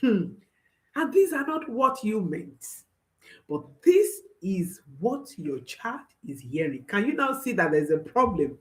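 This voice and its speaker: A woman's voice: mid-range voice, very animated, a little slow. A woman parenting coach giving advice to viewers, emphatic, often repeating her phrases and checking in with a questioning "hmm?".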